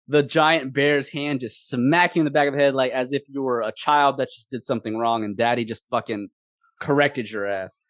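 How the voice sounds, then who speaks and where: A man narrating a tabletop game as game master in an animated way. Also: mid-range voice, moderate pace, dry recording. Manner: animated, laughing often.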